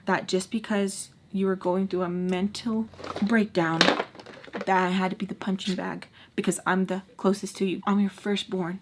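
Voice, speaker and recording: Young woman vlogger spilling a story while doing makeup, cusses a lot, squeals up high sometimes. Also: normal speed, a little hiss or hum. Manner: animated, swearing, jumps into high exclamations.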